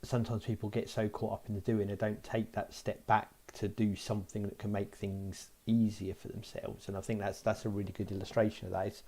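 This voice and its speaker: Middle-aged podcast co-host, deep-ish warm voice, thinks out loud casually. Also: male voice, little pitch movement, a little fast, few pauses. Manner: reflective, thinks aloud.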